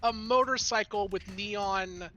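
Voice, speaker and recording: A game master running a tabletop game, narrating the scene in an easygoing way with frequent pauses. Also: medium pitch, pushed and bright.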